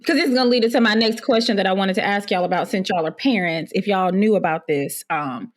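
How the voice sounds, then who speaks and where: A woman hosting a podcast, talking casually and haltingly with many fillers. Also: medium pitch. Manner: hesitant, drawn-out, with many fillers. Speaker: podcast host. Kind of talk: casual chat.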